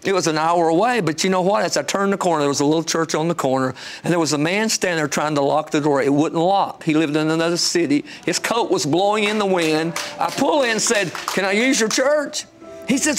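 A man guest telling an emotional testimony with fervent storytelling, rising high when excited. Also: fairly quick, faint music behind.

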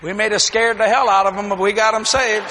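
Male preacher, bright forceful delivery, folksy storytelling with shouted bursts, long hall echo. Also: high-pitched, a little fast, a faint crowd, a little hiss or hum. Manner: animated storytelling with shouted exclamations; folksy, informal grammar. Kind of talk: testimony sermon.

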